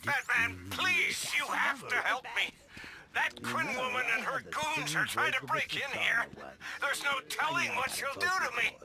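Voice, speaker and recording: An actor playing a frightened male captive in a video game, pleading fast for help. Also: extremely high pitch, crowd noise.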